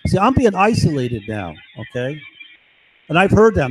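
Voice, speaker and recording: A man's voice: fairly high pitch, very animated, moderate pace, a little hiss or hum, poor audio. A man delivering an agitated, profane monologue full of accusations. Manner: ranting, profane, accusatory outbursts.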